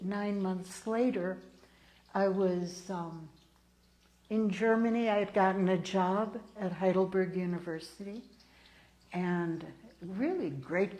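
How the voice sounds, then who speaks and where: A woman's voice: mid-range voice, darkish tone, poor audio. A woman in her sixties, a minister, giving a sermon and telling personal stories, acting out the people she quotes. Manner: slow, storytelling, acts out quoted people. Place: church sanctuary.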